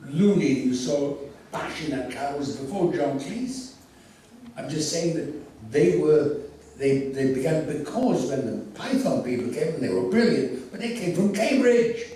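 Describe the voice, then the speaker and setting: An older man telling theatrical, animated anecdotes as a convention guest, recorded from far off in an echoey hall. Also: fairly high pitch, a little hiss or hum. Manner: theatrical, animated storyteller with laughs. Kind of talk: anecdotal storytelling.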